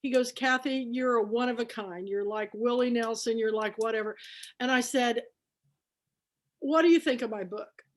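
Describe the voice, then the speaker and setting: A woman's voice: fairly high pitch, normal speed. A woman from Kansas hosting a book club on a video call, chatty and emotional, retelling conversations. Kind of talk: casual chat on video call.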